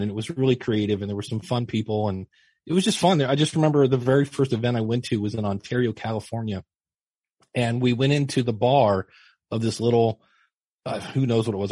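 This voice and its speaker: A man's voice: medium pitch, darkish tone, slightly rough, no room sound. A middle-aged man, a podcast guest, telling stories in a chatty, self-mocking way and acting out the people he quotes. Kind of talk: casual storytelling interview.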